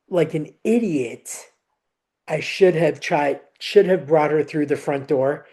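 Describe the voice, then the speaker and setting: A woman co-hosting a podcast, telling a personal story in an animated, emotional way and acting out the dialogue. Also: low-pitched. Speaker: podcast co-host. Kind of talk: casual chat, personal storytelling.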